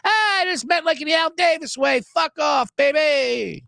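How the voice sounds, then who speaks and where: A man imitating a brash, cocky young male quarterback in a loud, swaggering voice. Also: very high-pitched, expressive, moderate pace, creaky, pitched above the performer's own voice, heavily acted.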